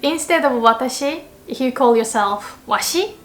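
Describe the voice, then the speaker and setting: A woman's voice: high-pitched, lively intonation, normal speed. A young woman teaching in a casual video lesson, playful and laughing often, mimicking cat and anime voices. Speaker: Japanese language teacher.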